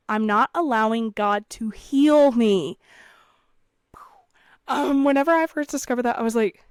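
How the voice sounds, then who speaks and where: A woman's voice: a little high, smooth, no room sound. Earnest chatty young woman, dry sound. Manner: chatty and earnest, frequent fillers, playful asides. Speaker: podcast host. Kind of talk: faith talk monologue.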